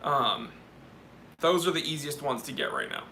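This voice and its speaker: A man's voice: a little high, wildly swooping pitch, moderate pace, pushed and bright, a little hiss or hum. A young man hosting a live watch Q&A stream, reading viewer questions and giving candid, joking opinions.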